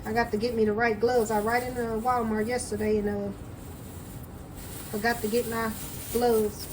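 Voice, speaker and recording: A woman's voice: on the high side, little pitch movement, moderate pace, noisy background. A woman chatting folksily to viewers while she prepares food in her home kitchen. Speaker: home cooking vlogger. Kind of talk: casual cooking chat to camera.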